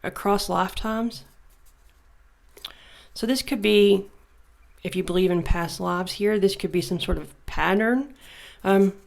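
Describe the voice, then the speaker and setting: A woman's voice: mid-range voice, unhurried, creaky, long pauses, a little mellow. A woman giving a casual tarot reading, reading card messages aloud and musing and joking between them. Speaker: tarot reader.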